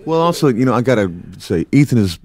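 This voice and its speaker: A man, a musician guest in a radio studio, chatting in a relaxed, wry way. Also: medium pitch, fast. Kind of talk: casual studio interview.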